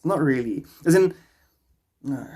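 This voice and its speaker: A man's voice: medium pitch, expressive, a little slow, mellow, breathy edge. A man with a South African accent, rambling casually on a livestream and answering chat questions aloud.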